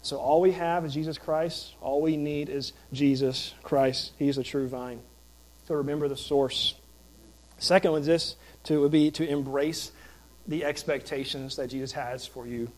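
A man's voice: a little high, fairly even intonation, normal speed, darkish tone, low-quality recording. A man who is a pastor, preaching a sermon in an emphatic, conversational way with rhetorical questions.

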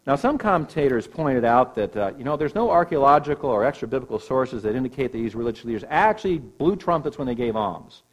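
A man's voice: medium pitch, animated, fast, hardly any pauses, rough recording. A man preaching a sermon, explaining scripture with emphatic stresses. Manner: emphatic teaching with rising and falling emphasis. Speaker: pastor.

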